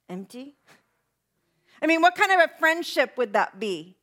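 A woman with a high voice preaching in a relaxed, conversational way. She acts out the prayers she quotes and often drops to soft, hushed lines. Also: a little slow, pauses often. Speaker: pastor. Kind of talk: sermon.

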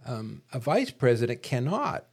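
A man talks politics on a podcast in a measured, wordy way. He pauses to clear his throat now and then. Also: medium pitch, sing-song. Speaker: podcast co-host. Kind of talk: casual political discussion.

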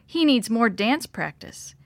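A woman voicing a mother in a children's story, speaking in breathless, rasping gasps. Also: on the high side, sing-song, measured pace, no echo. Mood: teasing. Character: playful mother turned terrified.

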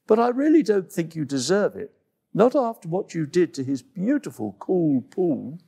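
A gentle male antelope from a storybook, voiced by a man, light and high with a hesitant, reproachful air. The voice lifts high and swoops with a gravelly edge. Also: very animated, normal speed, full character voice.

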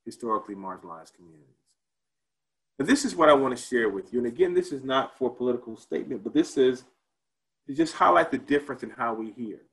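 A man's voice: fairly high pitch, fairly bright tone, rough recording. Man reciting a rhetorical spoken-word piece. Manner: rhetorical, rising on questions and dropping to near silence. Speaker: conference presenter.

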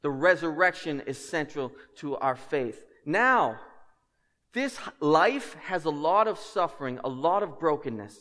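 A man preaching a sermon as pastor, a lively storyteller who drops in humorous asides and swings between loud and hushed. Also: fairly high pitch, a little slow, big-room sound.

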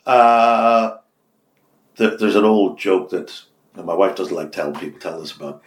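Low-voiced older man with a Belfast accent. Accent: West Belfast. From Northern Ireland. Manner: animated storytelling, quick bursts and restarts. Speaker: radio host, guest. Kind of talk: casual interview chat. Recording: echoey office room.

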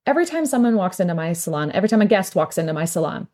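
A woman's voice: on the low side, sing-song, rapid-fire, warm tone. Middle-aged lady rambling thru a story, chatty, keeps laughing. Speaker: podcast host and salon owner. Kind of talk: casual storytelling monologue.

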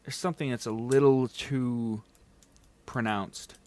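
A man's voice: mid-range voice, steady tone, measured pace, darkish tone. A man co-hosting a casual whiskey tasting chat, joking and often hunting for words. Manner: joking, searching for words, hesitant.

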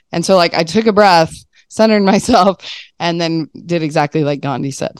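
A woman in her thirties with a fairly low voice, recorded close and dry. She is a mother of young kids who chats casually, mocks herself, and laughs often. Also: normal speed, clean tone, no room sound. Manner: chatty, self-mocking, laughs often. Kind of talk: casual podcast chat.

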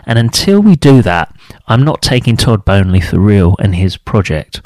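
Talking solo to camera, a man vents his frustrated opinions as a football fan, ranting and mocking other fans' views in high, put-on voices. His voice is sing-song and a little mellow, at a moderate pace, with no room sound.

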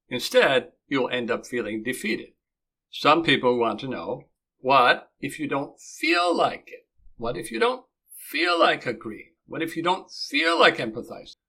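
A man with a bright, forceful voice gives calm, instructive relationship advice on his podcast. He speaks in a mid-range voice and acts out short lines of dialogue between spouses. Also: mid-range voice. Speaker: relationship coach and podcast host. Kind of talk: scripted podcast advice monologue.

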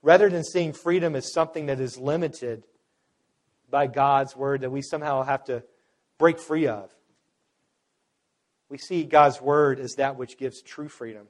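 A man's voice: medium pitch, darkish tone. A man preaching a sermon as pastor, earnest and emphatic, building points through repeated phrases.

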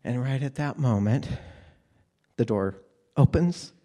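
A man's voice: mid-range voice, slow, dark tone. A man telling a candid personal story to an audience from a stage, plainspoken and wry. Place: stage under bright lights.

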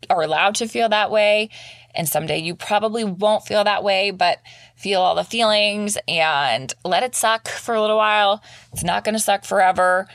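A young adult woman talking candidly and earnestly about her life in a reflective monologue, pausing often with fillers. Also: lowish voice, creaky, no echo, studio quality.

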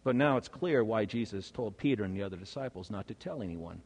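A male preacher delivering a sermon with dramatic storytelling, swinging from hushed to emphatic. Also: on the low side, expressive, brisk, husky, big-room sound.

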